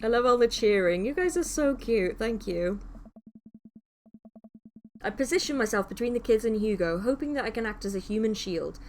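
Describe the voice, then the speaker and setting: A woman's voice: a little high, animated, moderate pace, a little mellow, soft background music. A woman streaming a game live, reading its text aloud and gushing thanks to viewers.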